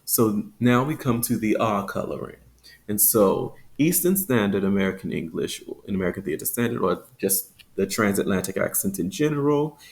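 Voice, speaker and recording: A man teaching phonetics, explaining with frequent ums and slowly demonstrating example sounds. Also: lowish voice, gravelly. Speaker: accent teacher.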